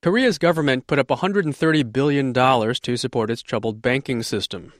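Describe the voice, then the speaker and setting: A man, a radio correspondent, filing a crisp, lightly conversational news report. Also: mid-range voice, fairly quick, no room sound, clean studio sound.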